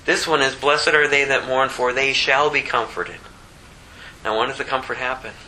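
Bright, impassioned male preacher. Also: normal speed, slight background noise, poor audio. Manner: impassioned, pitch climbing sharply when emphatic. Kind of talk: sermon.

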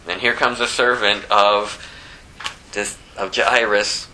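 A man preaches in an animated, chatty storytelling way and laughs often. His voice has a very bright, forceful tone, with faint noise behind it. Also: fairly low pitch, slow, rough recording. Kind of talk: sermon storytelling.

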